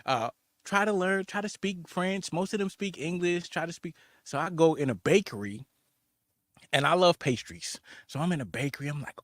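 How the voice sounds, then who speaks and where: An American man who is a guest on a casual podcast, telling a travel story in a lively way and acting out the voices of the people in it. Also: fairly high pitch, moderate pace, dry recording, clean studio sound. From United States. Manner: animated storyteller, acts out voices in quotes.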